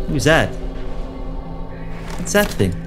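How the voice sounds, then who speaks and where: A man's voice: a little high, big pitch swings, slow. A young adult man doing casual, slangy, joking gameplay commentary as a YouTuber. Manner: slangy, hyped, joking, tries a poor Australian accent. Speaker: gaming YouTuber. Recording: game music playing behind.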